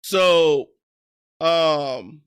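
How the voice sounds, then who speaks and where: Bright, high-voiced casual male streamer. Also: drawn-out words, clear, resonant tone. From United States. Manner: loose and profane, laughs at himself. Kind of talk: casual livestream chat.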